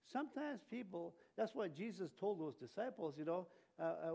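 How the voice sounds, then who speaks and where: Rambling preacher man with loud bursts. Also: sits high, expressive, fairly quick, vocal fry, husky. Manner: conversational, many fillers and restarts, bursts of loud emphasis. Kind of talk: sermon.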